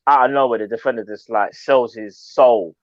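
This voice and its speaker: A man with a mid-range voice co-hosts a fan show at normal speed, trading casual football banter. He's animated and slangy and laughs a lot, all captured in a dull, dry sound.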